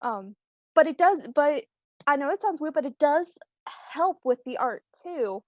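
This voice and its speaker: A woman's voice: high voice, lively intonation, unhurried, darkish tone, dry recording. Rambling young woman, lots of ums. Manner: rambling, self-deprecating, many ums and restarts. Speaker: screenwriter guest. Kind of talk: casual live-stream interview. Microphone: video call.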